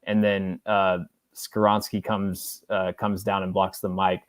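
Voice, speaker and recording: Low-voiced man talking film, halting. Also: level tone, clear, resonant tone, no room sound. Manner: halting, heavy on fillers and restarts. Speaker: guest football film analyst. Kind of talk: casual podcast chat.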